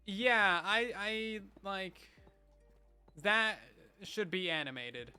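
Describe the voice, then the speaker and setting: Faint music plays behind a young livestreamer whose smooth, high-sitting voice draws out his words. He reads viewer messages casually and playfully, animated and chatty with frequent laughs.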